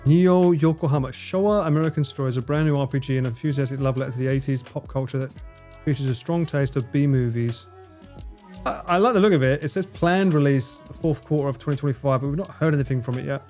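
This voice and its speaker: A man streaming a game live, chatting casually with his chat, excitable and swearing often. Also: mid-range voice, fast, soft background music.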